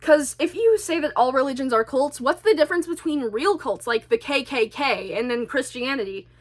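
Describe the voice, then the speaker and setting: A woman vlogger speaks in a high voice with lively intonation at a moderate pace. Chatty and self-mocking, she rambles through a casual monologue, stuttering and frequently restarting.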